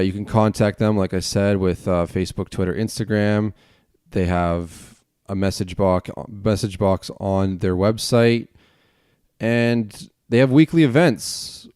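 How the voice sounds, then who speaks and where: A man's voice: sits low, darkish tone, clear, resonant tone, no echo, studio quality. A man hosting a casual solo podcast at home, rambling and chatty as he reviews a beer, with casual swearing. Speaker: podcast host. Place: home, at a desk.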